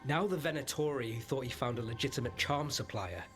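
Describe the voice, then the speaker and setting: A man's voice: medium pitch, expressive, fairly quick, a bit bright, soft background music, natural voice. An actor playing a sly, amused male rogue in a video game, with a teasing delivery. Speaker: game character.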